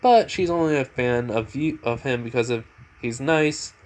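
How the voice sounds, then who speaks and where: A man's voice: medium pitch, moderate pace, lightly acted. A man voicing a chatty teenage girl classmate who talks in a matter-of-fact way. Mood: plain.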